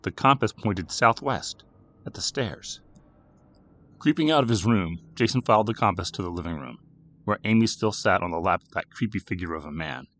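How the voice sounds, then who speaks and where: A man narrating a scripted horror story with a dramatic, expressive reading. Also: fairly low pitch, normal speed.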